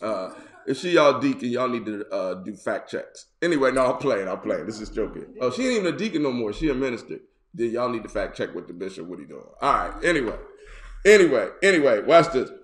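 Hoarse joking preacher man, echoey room. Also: medium pitch, big pitch swings. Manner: playful, joking, drawn-out repeats and sudden loud bursts. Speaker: bishop and pastor. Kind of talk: casual online sermon.

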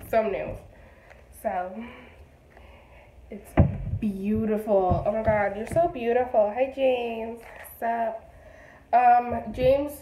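A woman unboxing on a casual vlog, gushing and excitable, trailing off with fillers. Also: medium pitch, echoey room, slight background noise, rough recording. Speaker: beauty vlogger.

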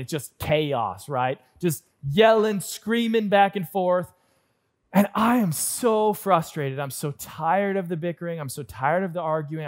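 Earnest pastor telling a personal story. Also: male voice, on the high side. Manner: earnest personal storytelling, swinging from lively to hushed. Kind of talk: sermon.

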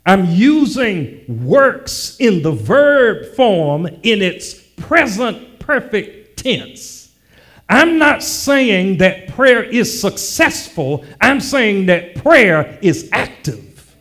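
Male pastor preaching in an unhurried, drawn-out delivery that climbs to shouts. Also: high-pitched, sing-song. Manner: teasing the congregation, repeating lines slowly; builds to shouted preaching cadence. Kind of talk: sermon.

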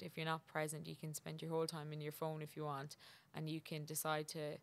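A woman's voice: deep voice, completely flat delivery, quick pace, vocal fry, hardly any pauses. A young Irish woman, a guest on a podcast, talking in a chatty, reflective way full of "like". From Ireland. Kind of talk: casual chat.

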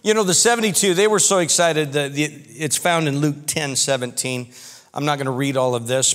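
Male pastor, animated folksy sermon, slightly high voice, church hall echo. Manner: animated, folksy storytelling preacher.

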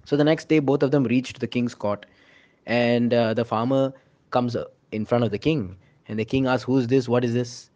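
A man, giving a sermon with a story, earnest and animated, often asking "right?". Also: medium pitch, normal speed, dull audio. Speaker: monk preacher.

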